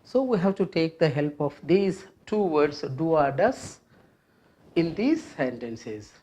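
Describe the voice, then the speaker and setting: A grammar teacher gives a lesson in an unhurried, deliberate way. Each example is said twice or more, and the explanation moves step by step. Short fillers break up the sentences as the rule is built. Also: medium pitch, big pitch swings, dark tone, dull audio. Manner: patient, repeats each phrase and rule several times. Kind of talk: classroom grammar lesson at a board.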